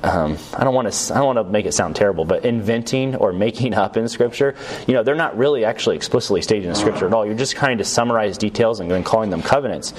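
A man's voice: fairly low pitch, quick pace, slight background noise. A man teaching a recorded Bible lesson in a conversational way, often checking in with "right?" and "yes?" and restarting his sentences as he goes. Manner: loose, with restarts and fillers.

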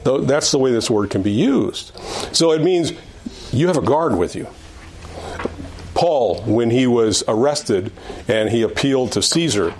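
A man's voice: mid-range voice, a little mellow, slight background noise. An older man teaching an adult Sunday school class in a conversational way, repeating phrases and restarting sentences, rising and speeding up on key points. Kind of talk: Bible lesson. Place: church classroom.

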